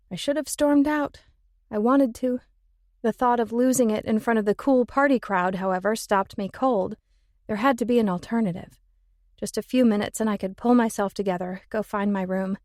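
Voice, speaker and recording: A woman's voice: medium pitch, moderate pace, darkish tone, dry recording, studio quality. Wry woman reading first-person narration. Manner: wry, emotional, sardonic asides. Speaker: audiobook narrator.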